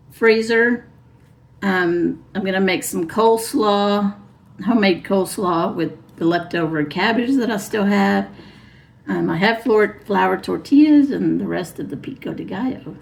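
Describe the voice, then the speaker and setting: A woman talks in an easy, rambling way, her voice a little hoarse. There is a gravelly fry under her words. Her voice sits at an ordinary pitch for a woman. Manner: chatty, rambling, laughs often. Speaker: vlogger. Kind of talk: casual chat. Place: truck camper.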